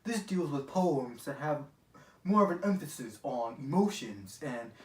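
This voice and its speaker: A man's voice: fairly high pitch, expressive, a little slow. A man playing an earnest male romantic poet who speaks as a guest in a lecturing, explanatory way. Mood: explaining.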